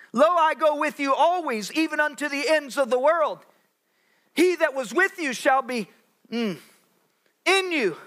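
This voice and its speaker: High, bright-voiced preaching pastor. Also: male voice. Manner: preaching with dramatic pauses, acting out Bible voices. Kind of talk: sermon. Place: church sanctuary.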